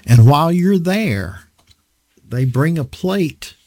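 This man speaks slowly in a fairly high voice, with no room sound. He gives an animated, conversational sermon, teaching a Bible lesson and putting rhetorical questions to his listeners.

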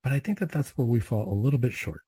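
Dark, husky male preacher. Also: medium pitch, fast talker, no room sound. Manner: steady and conversational, reflective. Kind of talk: prayer recitation and reflective sermon talk.

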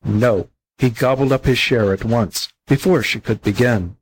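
A man with a husky, slightly breathy voice narrates an old animal fable for a volunteer audiobook. His reading is plain and steady, at an ordinary middle pitch. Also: measured pace, rough recording. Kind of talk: storybook narration.

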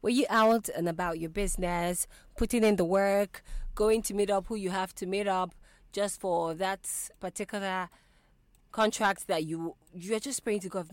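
A woman's voice: mid-range voice, fairly even intonation, normal speed, dry recording. A young Nigerian woman hosting a radio show, chatty and bubbly, repeating her greetings to listeners. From southeast Nigeria. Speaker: radio presenter. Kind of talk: lively radio show chat. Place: radio studio. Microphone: studio microphone.

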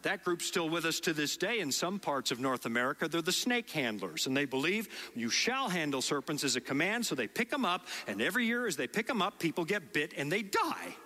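A man's voice: a little high, a little fast, hardly any pauses, long reverb tail. A middle-aged man with a Dutch accent preaching a sermon to a congregation, telling stories and acting out the quotes. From Netherlands. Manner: animated storytelling with acted quotes. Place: large hall before a congregation.

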